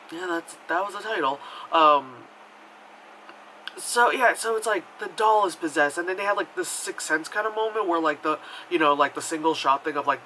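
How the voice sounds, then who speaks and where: A man's voice: pushed and bright, a little hiss or hum, low-quality recording. Rambling sarcastic man reviewing a movie. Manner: digressive, sarcastic, swears, many fillers and restarts; mocks characters in high put-on voices.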